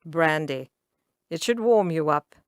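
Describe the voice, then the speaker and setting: A woman reading an audiobook, voicing a grave, patient gentleman suitor in a lower, calm and firm voice. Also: slow, smooth, dry recording, clean studio sound.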